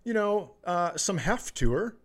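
A man's voice: high-pitched, big pitch swings, measured pace. A man hosting a podcast, chatting casually and telling a profane story while acting out quotes. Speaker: podcast host.

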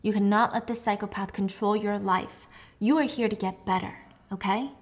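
A composed woman psychiatrist speaks in a soft, steady, reassuring voice, voiced by a woman storyteller. She is gentle but insistent, never raising her tone. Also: medium pitch, normal speed, close to an everyday voice.

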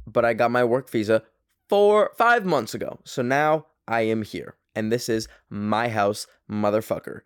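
A young Canadian man hosts his own podcast from his small apartment bedroom, delivering a loose, rambling monologue packed with fillers and swearing. His mid-range voice has lively intonation and a measured pace, sounding smooth and studio-quality with no echo.

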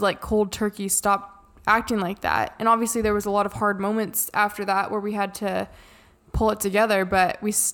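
A young woman co-hosting a podcast, chatting casually and telling stories in an animated way. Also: mid-range voice. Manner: chatty, animated storytelling with frequent laughs. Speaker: podcast co-host. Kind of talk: casual chat.

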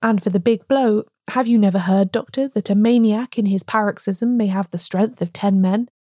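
A woman's voice: medium pitch, moderate pace, mellow, dry recording, studio quality, natural voice. A woman reading a storybook voicing an agitated, stammering male curate. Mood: feverish. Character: nervous excited male curate, feverish.

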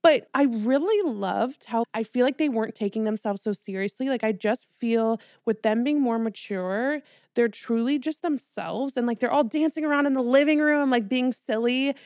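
A woman's voice: on the high side, a little mellow, dry recording, studio quality. A woman co-hosting a podcast, telling stories in a chatty, casual way. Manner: chatty, storytelling, quick asides. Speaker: podcast co-host. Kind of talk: casual chat.

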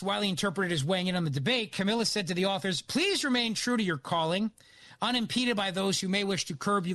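Man, philly accent, talk radio host, high lively voice, bright, dry studio sound. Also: no room sound. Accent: Philadelphia. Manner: animated, opinionated.

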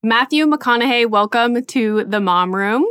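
A woman's voice: on the high side, lively intonation, unhurried, a bit bright, smooth, no echo, clean studio sound. A woman hosting a podcast, introducing her guest with gushing enthusiasm before interviewing him. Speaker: podcast host.

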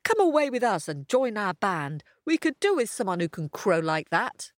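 Storybook donkey, male, pompous and jolly, lower than the woman's own voice, dry close sound. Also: big pitch swings, moderate pace, no echo, lightly acted. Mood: hearty. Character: cheerful boastful male donkey.

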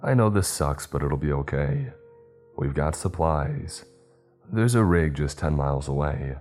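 A man's voice: rumbling low, lively intonation, a little slow, a little mellow, soft background music, exaggerated voice. A man voicing an upbeat male ship crewmate who talks in an easygoing, joking way. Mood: cajoling.

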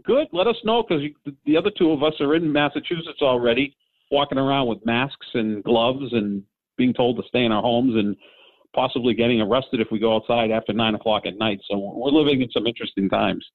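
A podcast co-host in his fifties, at home during lockdown, chats casually about sports, rambling with plenty of fillers and restarts. His voice is mid-range and a little fast. The recording is dry and comes through a tinny, phone-like line.

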